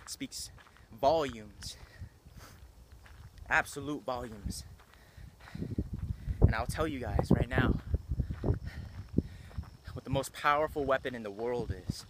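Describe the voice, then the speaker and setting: A man's voice: medium pitch, noisy background. A man giving a motivational monologue as a vlogger, speaking emphatically and repeating phrases for effect.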